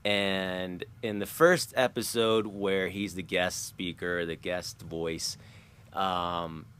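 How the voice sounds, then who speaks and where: Rambling low-voiced man vlogging. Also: fairly even intonation, slow, a bit bright, smooth. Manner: rambling, chuckling, loses his train of thought. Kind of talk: casual vlog monologue.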